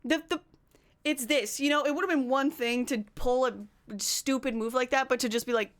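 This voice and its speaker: A woman streamer chatting casually with her live viewers, telling a story in an animated way and climbing higher as she gets worked up. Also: normal speed.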